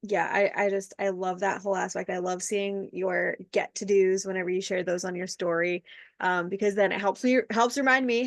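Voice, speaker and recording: A woman's voice: medium pitch, flat delivery, moderate pace, no room sound. A woman hosting a podcast, talking reflectively in casual conversation with many fillers. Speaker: podcast host.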